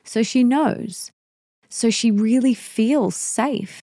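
A woman's voice: on the high side, takes it slowly, mellow, no room sound, studio quality. A young woman hosting a solo podcast, giving parenting tips in an earnest, emphatic way that repeats key points. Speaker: podcast host.

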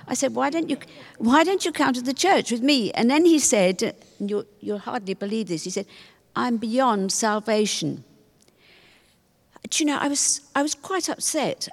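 An older woman telling a personal story to the congregation in a chatty, animated way, acting out what others said. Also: on the high side, vocal fry. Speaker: congregation member sharing a testimony. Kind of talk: personal story told in church. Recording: church hall with long reverb.

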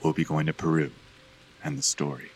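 A man co-hosting a folklore podcast, calmly reading a scripted sign-off. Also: very deep voice, a little fast, slight background noise, rough recording. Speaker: co-host.

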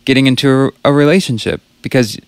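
A man co-hosting a podcast, talking earnestly and warmly about relationships. Mid-range pitch, dry and close. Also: fast talker, smooth, no echo. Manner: earnest, reflective. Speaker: podcast co-host. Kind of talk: casual chat.

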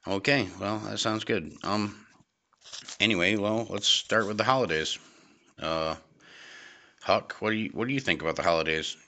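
A young man hosting an amateur comedy podcast, hesitant and deadpan, with many pauses. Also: lowish voice. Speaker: host.

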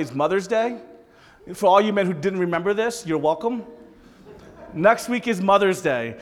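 A male pastor delivers a sermon in a high, very lively voice, tossing joking asides to his congregation. His voice carries a long reverb through a large hall.

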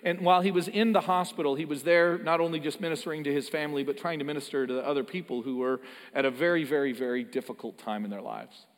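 Fast and on the high side, this man's sermon is earnest and emphatic, with words repeated as each point builds. He's a pastor, heard through long hall reverb.

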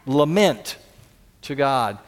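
A man preaching a sermon as a pastor, earnest, repeating key lines for emphasis and dropping to soft pleas. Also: mid-range voice, expressive, extremely slow, in a large hall.

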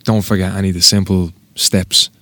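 An Irish tattoo artist rambles through stories in a casual podcast interview, swearing freely. His deep voice keeps a level tone and a brisk pace, sounding sharp on a dry recording.

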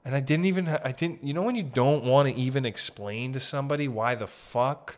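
Brisk and hardly pausing, a medium-pitched male podcast host from Northern Ontario, Canada chats through comedic stories. His anecdotes come out profane, rambling and animated.

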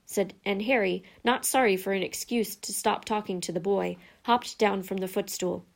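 A woman narrating a children's fantasy book with steady, measured reading. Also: medium pitch, creaky. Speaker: audiobook narrator. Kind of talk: scripted narration.

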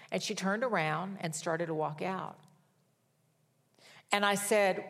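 A middle-aged woman delivers a sermon in a steady, medium-pitched voice. She reads scripture slowly and with emphasis, then shares personal stories conversationally.

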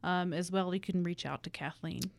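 A woman's voice: on the low side, fairly quick, vocal fry, no room sound. Woman hosting a podcast, dry sound. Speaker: podcast host. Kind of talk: casual interview chat.

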